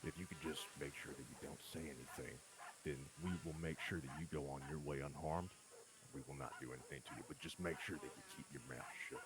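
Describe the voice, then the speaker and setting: A man's voice: a bass voice, steady tone, quick pace. A man playing a scheming outlaw who hatches a robbery plot with his new gang. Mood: threatening. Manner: conspiratorial, bossy gang leader. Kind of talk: role-play in an online western game.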